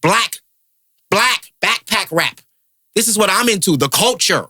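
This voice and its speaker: A man's voice: high-pitched, animated, a little slow, sharp tone, breathy edge, dry recording, studio quality. A man hosting a podcast, a comedian ranting in heated, profane casual chat.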